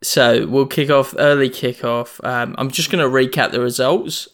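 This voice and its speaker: A young man co-hosting a podcast in a relaxed, casual chat, swearing freely and laughing at himself. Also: medium pitch, moderate pace. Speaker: podcast co-host.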